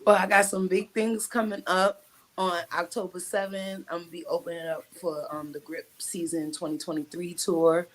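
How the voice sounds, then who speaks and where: Low-voiced New York woman, singer guest. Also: flat delivery, normal speed, poor audio. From Brooklyn, New York. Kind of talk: casual interview chat.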